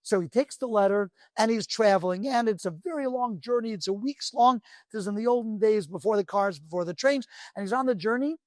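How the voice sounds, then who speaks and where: A man who is a rabbi teaching a Torah class, telling a parable in an animated, conversational way. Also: high voice, a little fast, few pauses, no echo. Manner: animated storyteller, emphatic and conversational.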